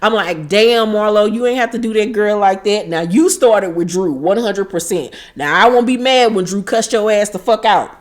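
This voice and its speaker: Woman host, casual recap vlogger, profane and chatty, mid-pitched voice. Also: moderate pace, few pauses. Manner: chatty, profane, quotes cast members in mimicking voices. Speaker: recap commentator. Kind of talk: casual reality-show recap.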